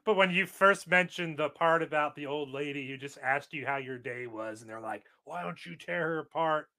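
A man's voice: on the high side, moderate pace, bright, forceful tone. A man chatting casually, joking and laughing often with sarcastic asides. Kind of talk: casual conversation.

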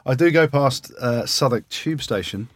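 A man's voice: medium pitch, moderate pace, no echo. A man co-hosting a rugby podcast, chatty and teasing his guests. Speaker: podcast co-host. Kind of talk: casual chat.

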